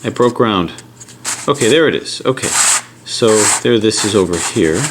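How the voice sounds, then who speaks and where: A man's voice: lowish voice, expressive, moderate pace, background noise. A middle-aged American man talking casually as he explains and unboxes puzzles. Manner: chatty, talks while handling puzzles. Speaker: puzzle channel host.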